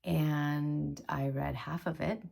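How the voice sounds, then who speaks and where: Speaking slowly in a deep voice with vocal fry, a thirty-something mother of five recounts her story to camera. She's animated and laughing, and she whispers whenever she shares what she was thinking.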